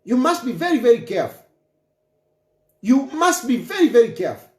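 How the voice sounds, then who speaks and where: A man rants about politics in a high, swinging voice that leaps up and down as he presses each point. He is emphatic and taunting, repeating his lines over and over for effect. The sound is roomy, with a clear echo around him. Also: sing-song, a little fast, darkish tone. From Zambia. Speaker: political commentator. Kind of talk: impassioned political rant.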